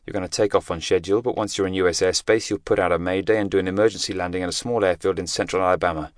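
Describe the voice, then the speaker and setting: A man playing a teenage boy undercover agent who speaks in a flat, controlled and quietly menacing way. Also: sits low, very fast, no echo, clean studio sound, lightly acted. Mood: coldly firm.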